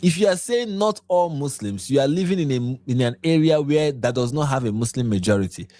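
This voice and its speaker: Casting note: tired man from Nigeria hosting a late-night livestream, argumentative, middle pitch, dry close sound. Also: lively intonation, a little fast, dark tone, no room sound. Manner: argumentative, asks repeated rhetorical questions. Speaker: livestream host. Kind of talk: commentary livestream.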